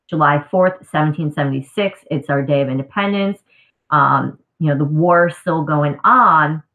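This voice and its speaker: A woman history teacher with a scratchy throat, giving a casual, conversational live review lesson. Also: low voice. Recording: tinny phone-like audio.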